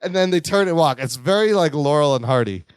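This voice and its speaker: High-voiced man recapping a sitcom. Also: brisk, clean tone, no echo, studio quality. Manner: animated, jumps pitch for quotes, laughs often. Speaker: podcast co-host. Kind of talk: casual recap chat.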